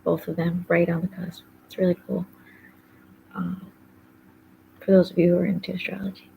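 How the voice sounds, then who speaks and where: A woman's voice: lowish voice, flat delivery, normal speed, creaky, phone-quality sound, a little hiss or hum. A woman hosting a podcast, talking casually and rambling with many fillers, often dropping into a whispery undertone. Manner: rambling, heavy use of fillers like "like" and "um". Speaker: podcast host. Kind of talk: casual personal monologue.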